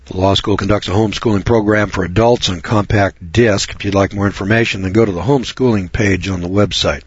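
Middle-aged guy on talk radio, husky voice, rambling and sarcastic, dull dry lo-fi sound. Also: on the low side, steady tone, brisk, few pauses, no room sound. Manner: folksy, sarcastic, rambling with repetitions. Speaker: radio talk show host. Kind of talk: folksy radio commentary.

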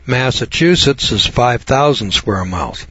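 An older man delivering a folksy, preachy talk radio monologue, building to loud emphatic peaks. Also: medium pitch, lively intonation, measured pace, dry recording. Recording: dull dry lo-fi recording.

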